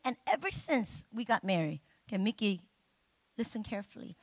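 A middle-aged woman delivers a lively sermon in a high, bright voice, joking with the congregation and breaking into loud, emotional cries. The sound is close and dry, with no room echo. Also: normal speed. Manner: animated and emotional, bursting into loud exclamations; chatty and humorous, talking directly to the congregation. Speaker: preacher.

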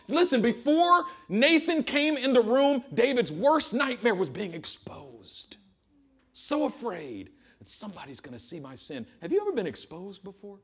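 A man preaching a sermon to a congregation in a church, telling a Bible story with humor and animated storytelling. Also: sits high, moderate pace, breathy edge. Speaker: pastor. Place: church service before a congregation.

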